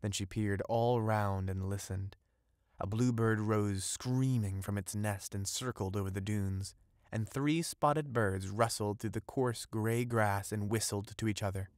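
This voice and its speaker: A man narrating an audiobook of a fairy tale in a measured storytelling manner. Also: on the low side, steady tone, darkish tone, dry recording, studio quality.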